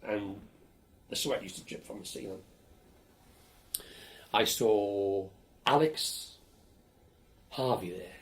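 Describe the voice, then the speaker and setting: Lively older man telling stories. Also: on the low side, vocal fry. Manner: lively storyteller, animated and blunt, swears casually. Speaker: interviewee. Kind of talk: oral history interview.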